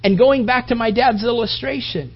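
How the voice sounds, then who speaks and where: A man's voice: very high voice, normal speed. A man preaching a sermon, telling stories animatedly and acting out voices and sound effects. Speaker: pastor. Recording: dull lo-fi recording.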